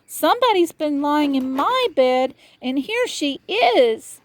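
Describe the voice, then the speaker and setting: A woman doing a squeaky crying baby bear. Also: very animated, takes it slowly, full character voice. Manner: squeaky, tearful. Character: tiny whiny boy bear cub.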